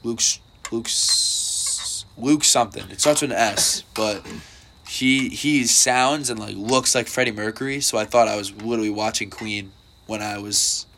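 A man's voice: lowish voice, a little slow, bright, forceful tone, slight background noise. A young man, chatting casually on a podcast and rambling with lots of filler words and swearing. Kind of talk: casual chat.

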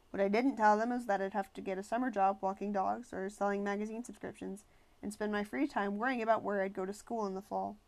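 A woman's voice: mid-range voice, gravelly. Woman reading a novel aloud. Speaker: audiobook narrator. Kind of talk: first-person novel narration.

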